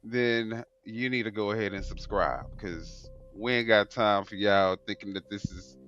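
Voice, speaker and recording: A man's voice: fairly low pitch, measured pace, highs cut off, faint music behind. Blunt man hosting a livestream. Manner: relaxed, blunt, with fillers. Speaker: livestream host. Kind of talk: casual political chat.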